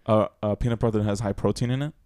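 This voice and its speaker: A man's voice: fairly low pitch, steady tone, very fast, darkish tone, clear, resonant tone, dry recording, clean studio sound. A young man co-hosting a casual chat podcast, rambling with lots of fillers, apologizing and laughing often. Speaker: podcast co-host.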